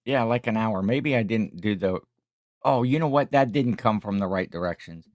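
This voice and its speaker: A man's voice: lowish voice, moderate pace, darkish tone, dry recording, studio quality. A tired middle-aged man hosting a casual livestream, chatting and reading viewer comments in a rambling, jokey way. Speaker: livestream host.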